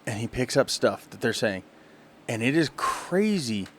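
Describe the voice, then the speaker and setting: A man's voice: mid-range voice, sing-song, a little slow, noisy background. A man co-hosting a podcast, telling a long story in casual chat and laughing often. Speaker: podcast co-host.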